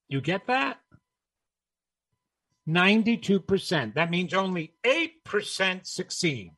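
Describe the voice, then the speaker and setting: A man's voice: sits high, sing-song, slow pace, bright, forceful tone. A man giving a motivational talk, emphatic and rhetorical, repeating his key phrases and asking the listener questions. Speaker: speaker on New Year's resolutions.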